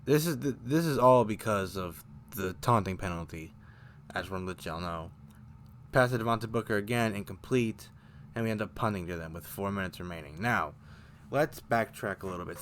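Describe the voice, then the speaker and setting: A man's voice: on the low side, a bit bright, slight background noise. A man hosting a casual fan recap of a football game, rambling and correcting himself as he goes, getting heated over bad plays. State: choking up, briefly coughing. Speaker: fan show host.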